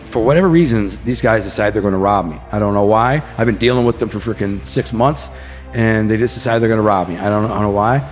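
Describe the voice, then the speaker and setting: This guest on a podcast is a man from Detroit, in the United States, casually recounting a street tale full of slang and acted-out scenes with sound effects. He speaks quickly in a fairly low voice, and faint music and a long hall reverb sit behind him.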